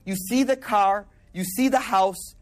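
A man telling a personal story in a conversational sermon, animated and casual, with sudden drops into soft, quiet asides. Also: high-pitched, a little slow. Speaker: preacher.

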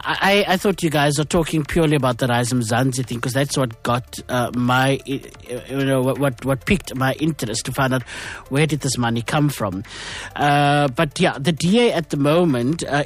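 A man hosting a talk radio show from South Africa, explaining at length with many fillers and restarts. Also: mid-range voice. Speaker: radio host.

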